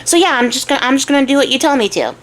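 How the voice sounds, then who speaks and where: A woman's voice: high voice, expressive, very fast, fairly bright tone, voice pushed up. A woman voicing a hapless young male archer who talks in casual, sarcastic modern slang.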